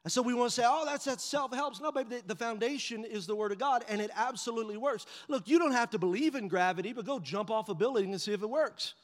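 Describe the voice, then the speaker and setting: A man preaching a sermon and telling a humorous story, animated and lively, dropping to hushed tones for his inner thoughts. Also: high voice, quick pace, few pauses. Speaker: pastor. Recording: long reverb of a large hall.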